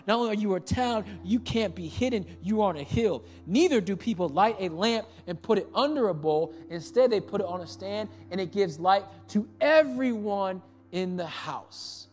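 High-voiced man preaching with fiery questions. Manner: rhetorical questions, building to passionate outbursts; repeats phrases for emphasis. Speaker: pastor. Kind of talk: sermon.

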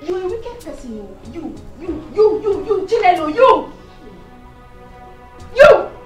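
A Nigerian actress playing a jealous young woman who feels betrayed, shouting accusations and slipping into Pidgin. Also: high-pitched, sing-song, moderate pace, soft background music. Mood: furious. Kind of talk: film acting.

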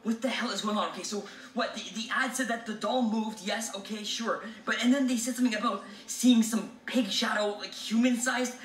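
Filming a scripted vlog about a haunted doll, this man talks fairly quickly with few pauses, his high voice steady in tone and a bit bright. He's jumpy and keeps calling his viewers "guys," while the roomy, distant audio carries music underneath and slight background noise.

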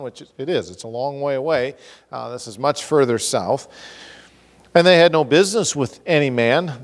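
A man preaching an expository sermon as pastor, animated and acting out scripture characters with comic exasperation. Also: mid-range voice, long reverb tail. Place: church sanctuary.

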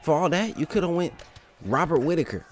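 A young man giving casual, excitable commentary over his own gameplay, trash-talking and laughing at the game. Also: a little high, fairly quick. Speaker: gaming YouTuber.

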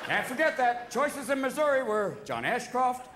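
A man doing live stand-up comedy on a theater stage, manic and rapid-fire, bursting into loud shouts and sudden voice switches. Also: very high voice, sing-song, reverberant. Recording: live theater recording with crowd noise. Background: audience laughing and cheering.

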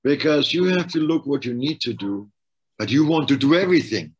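Husky man with a German accent. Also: medium pitch, lively intonation, brisk, poor audio. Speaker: life coach, co-host. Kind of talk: casual conversational coaching talk.

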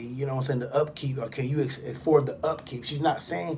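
A man's voice: on the high side, fairly quick, a little mellow, slight background noise. A man hosting a reaction channel, riffing loosely in slang and acting out quotes. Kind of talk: casual reaction commentary.

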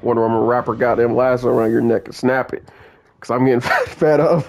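A young channel host gives gameplay commentary with game music behind him, ranting and swearing angrily at the game. His mid-range voice is gravelly, his tone steady, and his pace brisk.

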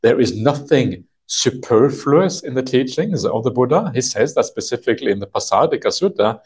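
A man teaching a retreat group as a monk, explaining a text patiently in a halting way full of "uh" and "yeah". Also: medium pitch, lively intonation, a little mellow, slightly rough. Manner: halting, thinks aloud, many "uh" and "yeah" fillers. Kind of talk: unhurried dharma talk explaining a text. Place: retreat session with a live audience.

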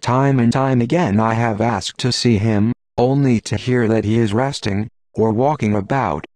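A man's voice: mid-range voice, moderate pace, darkish tone, no room sound, natural voice. A man voicing a scheming male palace adviser who talks in a silky, insinuating way, in an audiobook.

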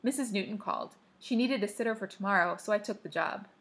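A woman's voice: mid-range voice, fast, a bit bright. Woman voicing a chatty, amused teenage girl. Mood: excited.

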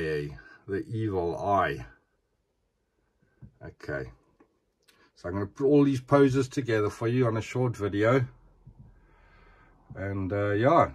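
Low-pitched and a bit breathy, this man's voice carries a relaxed show-and-tell vlog. As a collector presenting an action figure, he chats casually and keeps throwing "eh?" at the viewer.

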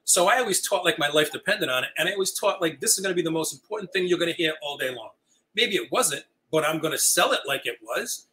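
An older man, a retiring high school teacher, telling stories as an interview guest and acting out the dialogue. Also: quick pace, slight background noise, rough recording. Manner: animated, acts out quoted dialogue. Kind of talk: storytelling chat.

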